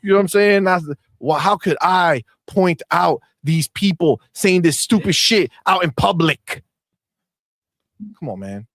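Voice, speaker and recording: A man with a lively, rather high voice co-hosts a casual gaming stream. He talks in slang, swings his pitch widely and mocks rival fans. The sound is dry and close. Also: unhurried, no echo. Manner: animated, slangy, mocking, reads chat aloud. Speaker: podcast co-host.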